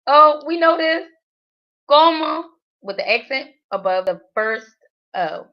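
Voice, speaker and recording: Woman, fairly high voice, slow, chatty, fillers, lo-fi stream audio. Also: lively intonation. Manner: chatty, lots of fillers, laughs at herself. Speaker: livestream host learning Spanish. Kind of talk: casual learning livestream. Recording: dull lo-fi livestream audio.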